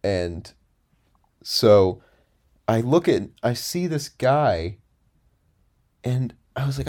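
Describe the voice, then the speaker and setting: A man's voice: medium pitch, lively intonation, drawn-out words, long pauses, a little mellow. A man in his twenties telling a long story in a casual chat, rambling with lots of fillers and restarts. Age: 20s. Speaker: podcast co-host.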